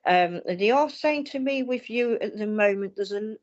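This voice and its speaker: A woman's voice: mid-range voice, animated, moderate pace, lo-fi sound. A woman working as a psychic medium, giving readings on a live stream in a reassuring manner, calling people darling and lovely.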